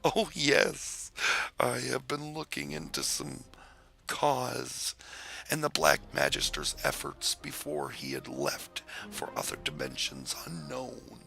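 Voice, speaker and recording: A man's voice: mid-range voice, vocal fry, full character voice. A man voicing a scheming male goblin king who is also a lich, speaking with sly, mocking politeness.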